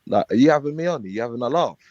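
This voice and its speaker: A man's voice: mid-range voice, lively intonation, racing, a little mellow, dry recording. A man telling a rambling story in street slang on a live panel stream. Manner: rambling, street slang, acts out quoted dialogue. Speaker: panel guest. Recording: dull lo-fi stream audio.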